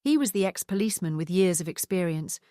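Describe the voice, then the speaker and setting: A woman narrating an audiobook in a steady, even scripted reading. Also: on the low side, quick pace, no room sound, clean studio sound.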